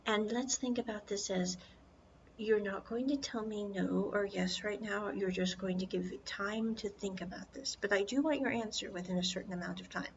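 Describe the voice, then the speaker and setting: Easygoing young man, coaxing, hushed at times; a woman voicing him in a story recap. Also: medium pitch, fairly even intonation, moderate pace, gravelly, dull audio, a little hiss or hum, close to an everyday voice.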